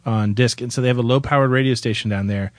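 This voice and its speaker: Fast-talking self-deprecating male podcast host. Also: mid-range voice, steady tone, dry recording. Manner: quick, self-deprecating storyteller. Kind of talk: casual chat.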